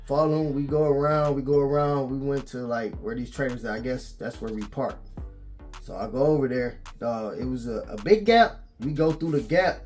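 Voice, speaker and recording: A man tells a story for his vlog in a casual, animated way, his exasperation showing. His voice sits at a middle pitch. Faint music plays behind him. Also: normal speed, slightly rough. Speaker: vlogger.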